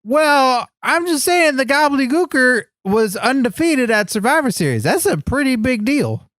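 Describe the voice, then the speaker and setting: A man's voice: very high voice, sing-song, normal speed, fairly bright tone, dry recording, studio quality. A man co-hosting a comedy podcast, earnestly enthusiastic in a goofy way. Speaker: podcast co-host. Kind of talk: comedic banter.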